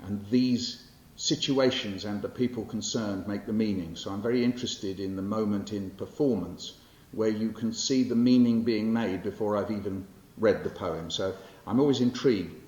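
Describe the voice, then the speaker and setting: Speaking at normal speed and barely pausing, this Englishman in his sixties, a poet, gives a library-hall lecture that includes poetry readings. His pitch is fairly low and his tone a little mellow, and he sounds wry and conversational, with fillers and self-corrections. The audio is roomy and muffled with a faint hiss.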